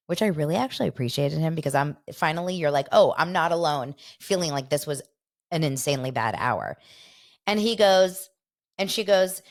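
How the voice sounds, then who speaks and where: A woman hosting a casual gossip podcast, telling a story with lively retelling of who said what. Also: normal speed. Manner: animated storyteller, acts out quotes in a higher voice. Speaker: podcast host.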